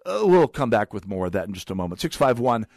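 A man's voice: fairly low pitch, sing-song, fast talker, a little mellow, faint music behind. A man hosting a talk radio show, delivering a sardonic, digressive monologue with wry asides into a studio microphone.

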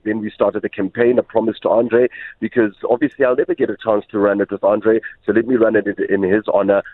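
A man, telling his story as a radio guest, halting and often restarting. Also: fairly low pitch. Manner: halting, many repeated restarts. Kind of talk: casual storytelling in an interview. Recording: tinny phone line.

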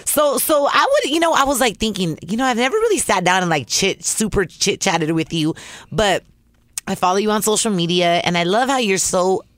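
A woman hosts a casual gossip show in a mid-pitched voice. She talks in a chatty, gossipy way and swears freely. The sound is dry and close. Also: very animated, fairly quick, a bit bright, dry recording. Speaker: host.

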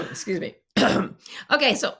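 A woman's voice: fairly high pitch, big pitch swings, slow, gravelly, slightly rough. A woman co-hosting a podcast, rambling playfully and poking fun at herself in casual chat. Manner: rambling, playful, self-mocking. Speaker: podcast co-host.

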